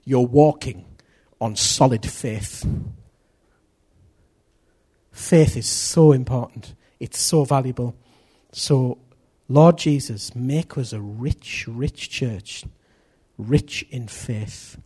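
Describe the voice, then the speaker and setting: Husky-voiced preacher man, lively sermon. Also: mid-range voice, slow. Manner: animated, acts out congregation's voices, swings from loud to hushed.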